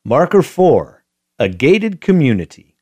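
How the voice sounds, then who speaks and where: Guy reading a refuge drive tour, lively up and down voice, measured. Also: a little high, breathy edge, dry recording. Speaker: auto tour narrator. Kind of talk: scripted audio tour narration.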